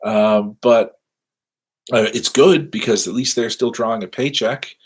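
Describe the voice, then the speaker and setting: This man, a university lecturer, finishes a casual livestreamed lecture from his office on webcam, talking at a measured pace in a lowish voice with a breathy edge. He rambles, pokes fun at himself, and drops wry comments along the way.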